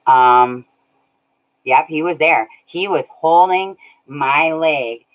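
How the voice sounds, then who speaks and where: On a livestream, a woman reads chat, laughing often and thanking viewers by name in a casual way. Her voice sits low and her pace is slow. The audio is dull and lo-fi.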